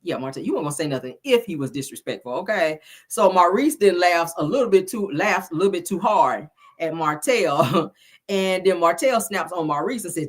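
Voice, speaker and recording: A middle-aged woman talks through a reality show recap in a sassy, chatty way. Her voice sits fairly low and sounds a little stuffy from a cold. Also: expressive, fairly quick. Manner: chatty, sassy, says "child" and "y'all" a lot. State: slightly congested from a cold. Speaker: reality TV review host. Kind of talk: casual recap commentary.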